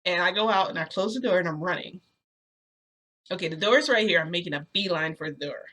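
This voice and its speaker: A woman's voice: on the low side, quick pace, sharp tone. A woman telling a personal story in a casual, rambling way, full of fillers. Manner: rambling, lots of fillers like "like" and "you know". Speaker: storytelling vlogger.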